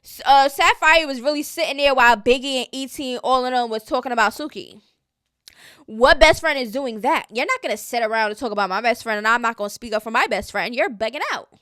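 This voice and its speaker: A woman's voice: on the high side, fast talker, a bit bright, dry recording, studio quality. A woman hosting her own commentary channel, giving a casual, blunt and sassy recap of a reality show and scolding the cast directly.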